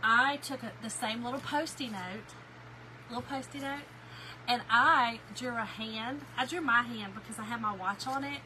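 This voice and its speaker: A chatty woman hosting a craft live stream with a high voice. She talks straight to her viewers and greets them by name. Her voice sits over noticeable background noise. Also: normal speed, pushed and bright, rough recording. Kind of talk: casual live-stream chat.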